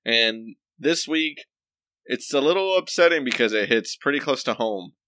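A man's voice: mid-range voice, expressive, moderate pace, pushed and bright, no room sound. A young man co-hosting a movie podcast from home, chatting casually and rambling with lots of fillers. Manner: laid-back, rambling with fillers. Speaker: podcast co-host. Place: home, remote recording.

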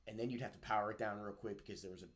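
A man in his forties, a guest author and retired Marine, recalling his service in an unhurried, reflective way with many fillers. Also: on the low side, steady tone. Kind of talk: casual interview chat.

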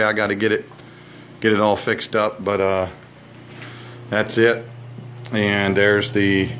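A man's voice: lowish voice, a bit bright, a little hiss or hum. A man vlogging from a small cluttered basement shop, out of breath and rambling, often correcting himself and apologizing. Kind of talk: casual rambling vlog.

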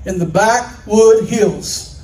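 A pastor from Oklahoma preaching a sermon in a church, moving from folksy farm stories to impassioned preaching. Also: male voice, sits high, slow, darkish tone, faint music behind. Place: church sanctuary. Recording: echoey room, mic at a distance.

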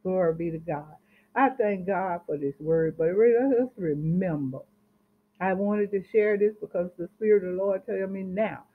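A woman's voice: fairly low pitch, normal speed. Fervent woman minister on a phone line. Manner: fervent preaching with emphatic rises and soft drops. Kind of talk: sermon. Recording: tinny phone-line sound.

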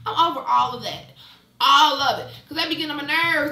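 Bright-voiced young woman vlogging at home. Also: high-pitched, moderate pace, recorded from a distance. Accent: African American English. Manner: chatty, sassy and animated when ranting. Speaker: beauty vlogger. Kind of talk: casual chatty vlog. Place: at home indoors. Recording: echoey room, voice off-mic.

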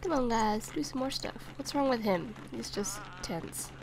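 A woman's voice: a little high, animated, normal speed, background noise. A young woman playing a life-simulation game, chatting to her characters with a stuffy, sniffly nose while recording at her computer. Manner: chatty, talks to her game characters, swings into loud exasperation. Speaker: gaming channel host. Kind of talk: casual let's-play commentary. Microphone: desktop USB microphone.

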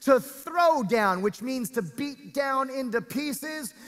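A male pastor preaching a sermon, reading scripture aloud with drawn-out, half-sung emphasis and stirring the congregation. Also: very high-pitched, lively intonation, fairly bright tone, long reverb tail.

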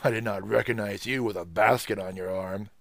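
A man voicing a gruff, grasping male gatekeeper in a storybook reading, roaring and mocking. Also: lowish voice, fairly even intonation, a little fast, no echo.

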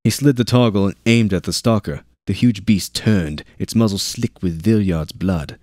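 Deep-voiced man narrating a war novel. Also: moderate pace, dry recording, clean studio sound. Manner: steady narration with shouted dialogue lines. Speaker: audiobook narrator. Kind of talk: reading a war novel aloud.

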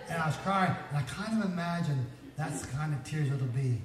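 A man's voice: a little high, lively intonation, a little fast, hardly any pauses. A man in his fifties preaching a sermon in a church, telling folksy stories and building to emphatic peaks. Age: 50s. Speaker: pastor. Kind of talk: sermon with personal storytelling. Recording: echoey hall, distant mic, faint noise.

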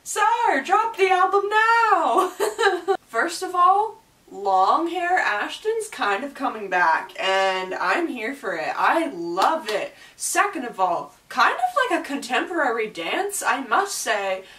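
A young woman reacting to a music video as a gushing, excitable fan in a casual vlog. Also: on the high side, takes it slowly, echoey room, recorded from a distance, rough recording.

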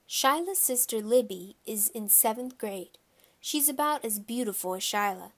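A woman narrating a children's audiobook in a measured, storytelling first-person reading. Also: fairly high pitch, lively intonation.

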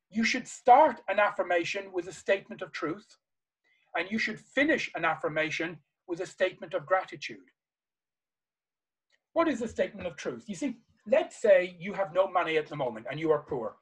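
A man with a high-pitched, slightly rough voice gives an emphatic motivational seminar in front of a live audience, repeating key phrases with passion. It's a rough recording.

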